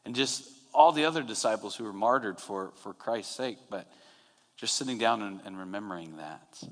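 A man preaching a sermon in a relaxed, conversational way, retelling scenes and acting out quotes. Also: on the low side, moderate pace. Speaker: pastor. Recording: long hall reverb.

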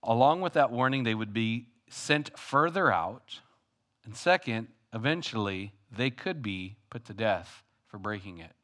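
A man preaching a sermon as pastor, animated, moving between loud calls and quiet asides. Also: on the low side, measured pace.

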